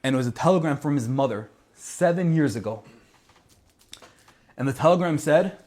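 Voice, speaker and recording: Brief: earnest male preacher, storytelling sermon, fairly high voice. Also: expressive, moderate pace, long pauses, darkish tone. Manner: earnest storytelling with emphatic repeats. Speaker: speaker.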